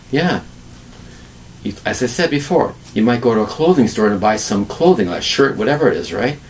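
Lively man teaching English vocabulary. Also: mid-range voice, far from the mic, slight background noise, poor audio. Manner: lively, drawn-out spelling, rhetorical questions. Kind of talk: solo ESL vocabulary lesson.

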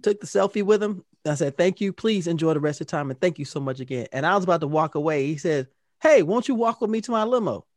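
Lively man telling stories on a podcast. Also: on the high side, fast, no room sound, studio quality. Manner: animated, acts out quoted exchanges. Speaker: podcast co-host. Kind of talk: casual storytelling chat.

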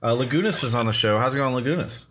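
A man's voice: mid-range voice, very fast, fairly bright tone, slight background noise. A man hosting a casual streamed talk show, rambling and restarting often with many fillers. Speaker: podcast host.

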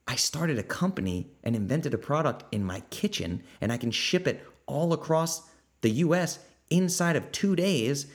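A man hosting a casual Q&A podcast from his kitchen, energetic and blunt, reading out viewer comments and swearing freely. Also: on the high side. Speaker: podcast host. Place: home kitchen.

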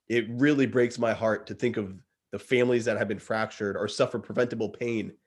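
With a breathy edge to his mid-range voice, a guest in his thirties tells a story in an earnest, lively way during casual chat. He calls the listener "dude" a lot.

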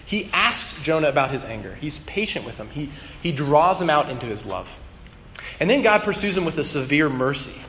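A man's voice: fairly high pitch, sing-song, normal speed, a bit bright. Man preaching in a reverberant hall. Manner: conversational, with filler ums and restarts. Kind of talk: sermon. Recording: long hall reverb, faint room noise.

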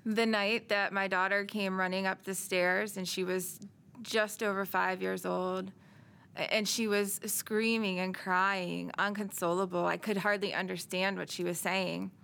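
Bright, gravelly-voiced woman recounting her story. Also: mid-range voice, fairly even intonation. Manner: earnest, measured, with frequent pauses. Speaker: interview guest, survivor of domestic abuse. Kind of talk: personal testimony in interview.

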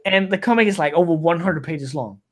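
Non-native English-speaking man, high voice, rambling podcast storyteller who keeps restarting. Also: fairly quick, fairly bright tone. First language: not English. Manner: rambling, frequent restarts and self-corrections. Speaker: guest storyteller. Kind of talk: casual podcast chat.

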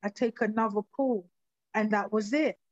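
A woman giving halting, emotional personal testimony in an interview. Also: medium pitch, no room sound, highs cut off. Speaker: interview guest.

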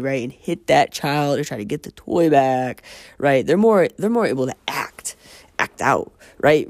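A man's voice: medium pitch, darkish tone, no room sound, clean studio sound. A man hosting a casual monologue, rambling and profane, often interrupting himself. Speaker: podcast host.

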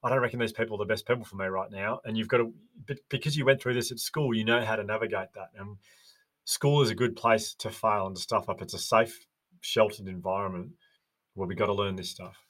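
An Australian man talks on a casual podcast in a slightly low voice. He tells stories with energy and slips into the voices of the people he describes. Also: brisk. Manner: animated storyteller, acts out quoted voices. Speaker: podcast guest, resilience educator. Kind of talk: casual interview chat.

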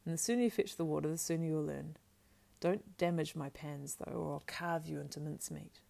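A woman's voice: deep voice, a little fast, creaky, warm tone. A woman voicing a practical, stout-hearted young male hobbit who talks bluntly and scolds in a homely way, in an audiobook. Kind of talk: audiobook character voice.

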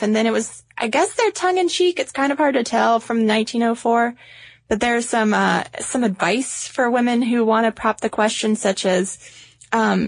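A woman co-hosting a podcast in casual chat, relaxed and chatty. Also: on the high side, moderate pace, no echo. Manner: chatty, relaxed, many fillers. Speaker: podcast co-host.

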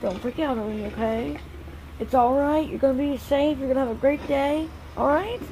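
A woman's voice: high voice, normal speed, dark tone, a little hiss or hum, low-quality recording. A woman vlogging outdoors as a mother, chatty and soothingly reassuring. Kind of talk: casual vlog. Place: outdoors on a path.

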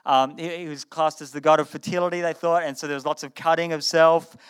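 A man preaching a sermon to a live audience, retelling a story in a conversational, animated way and often repeating his words. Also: a little high, brisk, clear, resonant tone.

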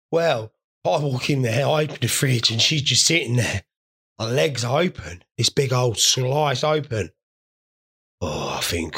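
Gravelly sweary British man in his thirties. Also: on the high side, fairly bright tone. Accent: British English. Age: 30s. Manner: sweary, laddish banter. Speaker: vlogger. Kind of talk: rambling comic monologue.

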